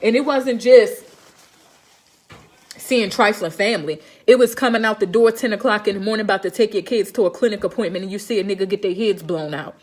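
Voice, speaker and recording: A woman speaks to her live-stream audience in a blunt, motivational way. She is emphatic and profane and keeps checking that her listeners understand her. Her voice sits at a middle pitch. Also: brisk. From Baltimore, Maryland. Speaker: live streamer and home health nurse.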